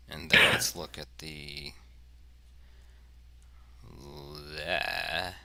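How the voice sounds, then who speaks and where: A man's voice: extremely low pitch, slow, creaky, long pauses, pushed and bright. A man hosting a casual strategy game discussion, joking and thinking aloud while he explains moves. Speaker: host.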